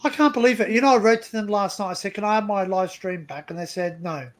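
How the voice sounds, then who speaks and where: An Australian man hosting a live stream over a video call, chatty and quick to laugh, often repeating himself. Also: high voice, rough recording. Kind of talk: casual live stream chat.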